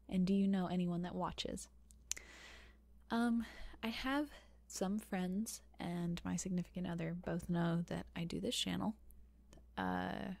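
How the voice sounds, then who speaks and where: Soft-spoken Southern woman, gravelly and hushed. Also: lowish voice, no room sound. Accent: softened Southern US. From American South. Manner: soft, partly whispered, hesitant with many fillers. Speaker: ASMR channel host. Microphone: close microphone.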